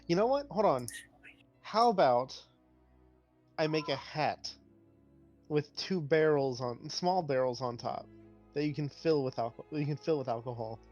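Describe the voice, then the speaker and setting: A man's voice: fairly high pitch, animated, unhurried, long pauses, a little mellow, dull audio, faint music behind. A man playing a tabletop game, chatty and laughing often while thinking aloud. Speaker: player. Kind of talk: casual tabletop game chat.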